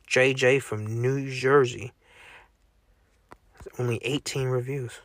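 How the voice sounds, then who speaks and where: A man's voice: medium pitch, steady tone, slow pace, no echo. A man hosting a casual solo podcast, joking and swearing as he reacts aloud to what he browses online. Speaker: podcast host.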